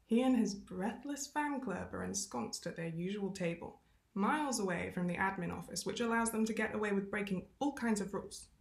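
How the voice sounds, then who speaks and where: Expressive female reader of a novel, mid-pitched, with self-aware asides, roomy room sound. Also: a little fast, creaky. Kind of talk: reading a novel aloud. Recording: roomy echo.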